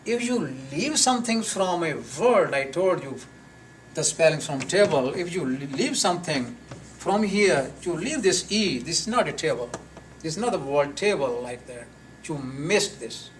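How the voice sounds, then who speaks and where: A man teaching a live class on pronunciation, slowly repeating words and sounds for his students. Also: fairly high pitch, expressive. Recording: distant mic with faint noise.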